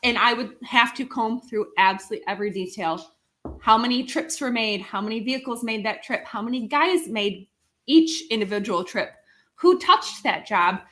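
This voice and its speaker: A woman's voice: a little high, normal speed, pushed and bright. A woman co-hosting a casual business live stream, explaining how the office runs with her own examples. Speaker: co-host handling office and numbers.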